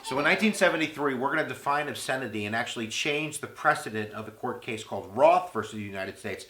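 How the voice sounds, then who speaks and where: A man giving an energetic history video lecture, full of goofy jokes and playful asides. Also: medium pitch, fast. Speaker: history teacher. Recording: roomy echo with faint music.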